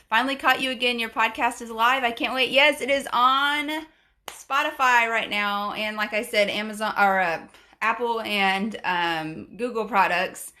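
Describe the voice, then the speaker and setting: On her casual live stream, a woman with a fairly high, bright and forceful voice says hello to viewers and reads their comments out loud. She's bubbly and effusive, frequently repeating herself, and she hosts podcasts as well.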